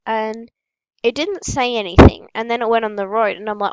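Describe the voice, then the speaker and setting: A female gaming host telling absurd, made-up stories in a casual, matter-of-fact, deadpan way while opening packs. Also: a little high, fairly quick, dull audio.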